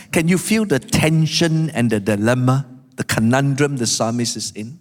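A man preaching a sermon, animated, acting out the quotes he tells. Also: mid-range voice, normal speed. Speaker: pastor. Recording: long hall reverb.

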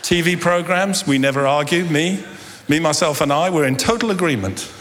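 A middle-aged man preaching a humorous sermon, animated and telling stories with acted-out dialogue. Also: on the high side, normal speed, slight background noise. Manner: animated, jokey, acts out dialogue. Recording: long hall reverb.

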